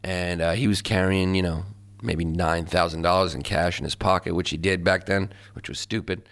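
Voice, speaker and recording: A man's voice: low-pitched, steady tone, normal speed, fairly bright tone. A man, a stand-up comedian, telling his story casually in an interview with loose fillers and laughs.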